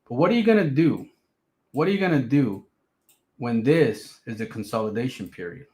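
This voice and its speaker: A man giving casual, emphatic market commentary on his stream, repeating his points. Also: medium pitch. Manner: emphatic, repetitive, animated swings in loudness. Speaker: crypto streamer.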